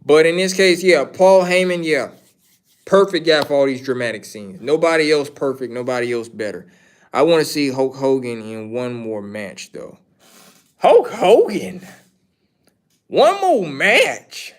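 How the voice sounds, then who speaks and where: A man's voice: mid-range voice, normal speed, clear, resonant tone. A man hosting a casual livestream, answering chat questions in a rambling, opinionated way and repeating his points. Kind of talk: casual wrestling commentary.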